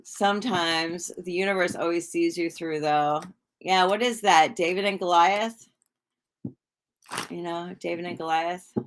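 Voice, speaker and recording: A woman hosting a relaxed livestream from home, talking to her viewers in a loose, rambling way. Her voice is on the low side, and she speaks slowly with plenty of fillers. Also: a little hiss or hum. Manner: rambling and chatty, full of fillers; talks to viewers in the chat. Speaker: livestream host and tarot reader. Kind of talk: casual live-stream chat.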